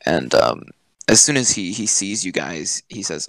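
A man's voice: low-pitched, sing-song, unhurried, gravelly, fairly bright tone, dry recording, low-quality recording. A man narrating as game master for a tabletop game, hesitant with many ums and restarts.

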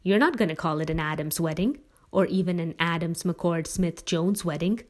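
A woman's voice: on the low side, moderate pace, natural voice. A woman doing a wry, pedantic teenage boy. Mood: teasing. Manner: teasing, amused.

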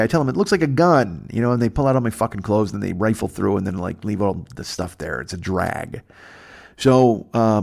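A man's voice: lowish voice, gravelly, a little mellow. A man hosting a podcast, telling a rambling, profane comic story that keeps drifting off track. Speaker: podcast host. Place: temporary setup away from home.

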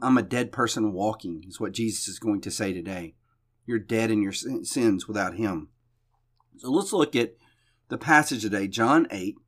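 A man of middle pitch gives a devotional Bible teaching for his podcast. He reads the passage aloud, then unpacks it in a loose, conversational way, often stumbling and repeating a word before going on. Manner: conversational with frequent restarts and repeated words.

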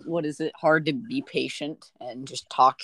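A young man co-hosting a podcast, playful and giggly and quick with jokes. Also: mid-range voice, fairly even intonation, a bit bright, no echo. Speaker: podcast co-host. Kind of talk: casual chat.

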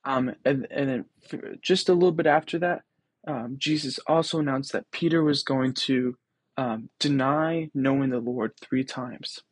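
A man's voice: medium pitch, a little slow, slightly rough, no echo. A young man hosting a podcast, reflecting on scripture in a casual, earnest way with many ums and restarts. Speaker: podcast host.

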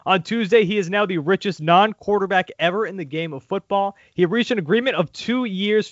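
Crude, animated sports podcast host. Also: male voice, sits high, no echo. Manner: animated, crude, laughing asides. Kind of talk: casual sports podcast chat. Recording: dull lo-fi audio.

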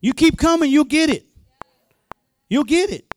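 A male minister preaching a sermon in a colloquial, excitable way, repeating words as he gets fired up. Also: very high-pitched, a little slow.

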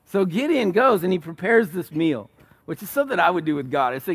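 A man preaching a sermon, retelling a story with animated, acted-out quotes and frequent restarts. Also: sits high, brisk, husky. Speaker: pastor.

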